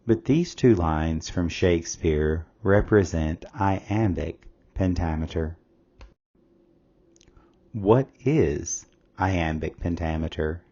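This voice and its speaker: Man, tutor, very low voice, measured, reads questions and answer choices aloud. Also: mellow, lo-fi sound. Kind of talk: scripted test-prep lesson.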